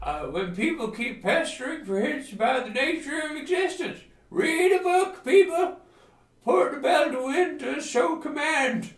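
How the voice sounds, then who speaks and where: A man voicing a cranky, cryptic old male hermit with an American accent, shouting and crotchety. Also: very high voice, expressive, measured pace, voice pushed up, full character voice. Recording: roomy from mic distance. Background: game music.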